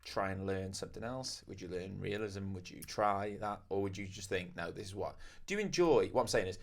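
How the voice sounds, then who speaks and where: Deep-voiced man chatting. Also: brisk. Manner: relaxed, conversational, asks questions. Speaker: host, tattoo artist. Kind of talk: casual chat.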